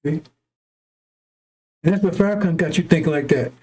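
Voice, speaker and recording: A preacher with a fairly high pitch and a darkish tone speaks at normal speed. He gives a heated, cursing monologue without a script, circling back on himself and asking "right?" or "see?"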